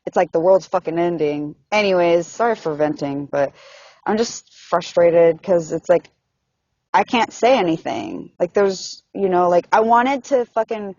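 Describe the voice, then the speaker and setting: A woman's voice: lowish voice, animated, unhurried, darkish tone, no echo, highs cut off. A young woman venting in a casual, frustrated monologue, swearing often and filling her talk with "like". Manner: frustrated, profane, heavy use of "like". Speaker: person venting in a voice message.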